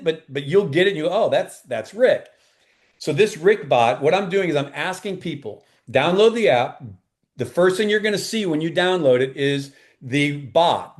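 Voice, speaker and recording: A man, a life coach and pastor, talking as a guest in an interview in an earnest, animated way. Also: fairly high pitch. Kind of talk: enthusiastic interview talk.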